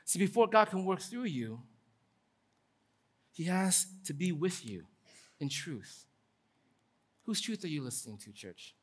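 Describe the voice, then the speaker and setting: A man pastor delivering a sermon in a lively, conversational way, acting out quotes with casual asides. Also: high voice, measured pace, long pauses, slightly rough.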